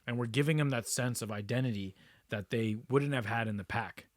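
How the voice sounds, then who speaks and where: Man, mid pitch, dry sound, laid-back podcast co-host, chatty. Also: brisk, dry recording. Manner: relaxed, chatty, laughs easily. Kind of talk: casual spiritual discussion.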